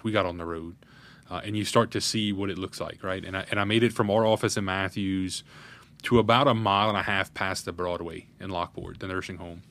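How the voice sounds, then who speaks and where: With a lowish, fairly bright voice, a man in his 30s who serves as a parish president in Louisiana, USA, speaks as a podcast guest. He tells his story in an interview with earnest candor, detailing a crisis.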